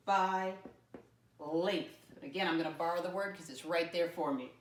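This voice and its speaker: A woman teaching a young children's math lesson, her voice fairly low for a woman. She speaks slowly and spells words out letter by letter, with sudden playful leaps up in pitch. She is caught from a distance in a roomy, echoing space. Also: a little hiss or hum. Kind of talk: early-grade math lesson. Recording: roomy sound from off-mic.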